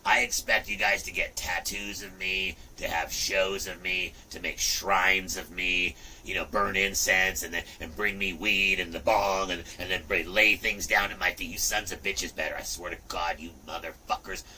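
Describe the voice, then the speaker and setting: Middle-aged guy ranting and rambling on a livestream, swears a lot, really bright edgy voice, kinda far from the mic. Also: low voice, fairly even intonation, moderate pace, hardly any pauses, a little hiss or hum. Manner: profane, rambling, loud outbursts. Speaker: livestream host. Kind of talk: rambling casual livestream chat.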